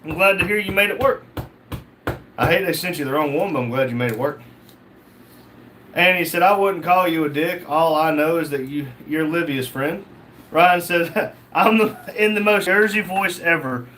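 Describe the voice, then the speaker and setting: A man's voice: on the high side, moderate pace, long pauses, a bit bright, slight background noise. A man hosting a casual livestream, reading out chat comments and joking back.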